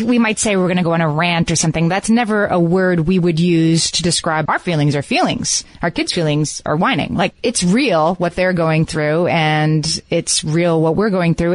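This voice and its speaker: A woman's voice: on the low side, dry recording. A woman co-hosting a parenting podcast in casual chat, wry and a little exasperated. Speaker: podcast co-host.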